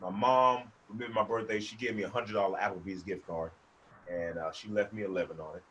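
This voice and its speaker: A man in his twenties doing animated stand-up storytelling for a virtual event, laughing between lines and acting out the people in his story. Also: lowish voice, brisk, slight background noise. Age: 20s. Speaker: stand-up comedian. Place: a room, performing for a virtual event. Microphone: video call microphone.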